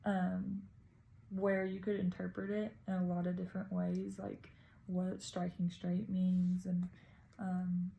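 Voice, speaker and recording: A woman's voice: fairly low pitch, monotone, takes it slowly, creaky, dark tone, a little hiss or hum, poor audio. A woman casually talking through her reading of a poem, tentative and thinking aloud as a student presenting. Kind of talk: casual spoken poem analysis.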